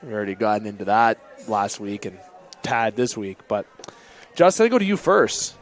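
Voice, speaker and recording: A man hosting a casual sports talk show from a bar and grill, briskly calling on his co-hosts for their picks. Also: fairly low pitch, very animated.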